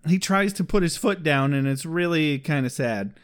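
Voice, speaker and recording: A man's voice: on the high side, animated, moderate pace, clean tone. A man co-hosting a casual podcast, recapping a TV episode with sarcastic asides and swearing. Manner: recaps with sarcastic asides and mock character voices. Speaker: podcast co-host.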